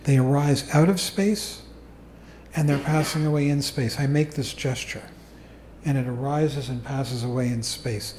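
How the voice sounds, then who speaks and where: Calm man teaching meditation, mellow tone. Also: mid-range voice, a little hiss or hum. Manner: calm, unhurried, explanatory. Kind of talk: dharma talk to a meditation group. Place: meditation hall. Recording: echoey room recording.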